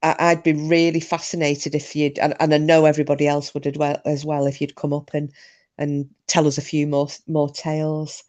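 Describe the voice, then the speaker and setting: A woman's voice: low voice, monotone, moderate pace, darkish tone. Chatty woman hosting a live stream. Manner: chatty, rambling, frequent restarts and fillers. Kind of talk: casual chat.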